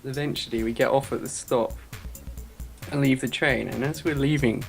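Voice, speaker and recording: A man's voice: medium pitch, fairly even intonation, normal speed, gravelly, soft background music. A young man telling a story in a casual podcast chat, acting out the quotes. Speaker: podcast co-host.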